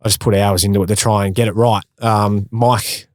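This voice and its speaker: Australian man, low voice, dry sound. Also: little pitch movement, fairly quick, dry recording. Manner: matey, laughing, acts out quotes. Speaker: guest, former footballer. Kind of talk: casual storytelling interview.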